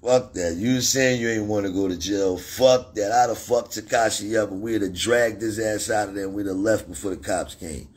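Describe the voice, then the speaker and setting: Man, middle-aged, rapper, husky voice, angry profane rant, phone livestream. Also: moderate pace, few pauses. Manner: angry, profane, threatening tirade that jumps into sudden high shouts.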